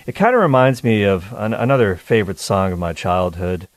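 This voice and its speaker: A man's voice: fairly low pitch, lively intonation, a little fast, no echo. A man hosting a radio talk show, chatting casually and interrupting himself with playful asides. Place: radio studio. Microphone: studio mic.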